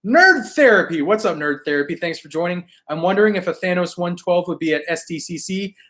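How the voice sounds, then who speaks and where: A hoarse man who is losing his voice, hosting a toy collecting live stream in a laid-back, slangy way as he answers viewer comments. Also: on the high side, fairly bright tone. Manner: laid-back, chatty, slangy, often laughing.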